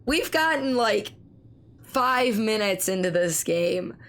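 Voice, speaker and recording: A woman streamer in casual live-stream chat, with a hoarse, strained voice, who swears freely and talks back to her chat. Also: medium pitch, expressive, takes it slowly, fairly bright tone. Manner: chatty, swears freely, reads chat aloud.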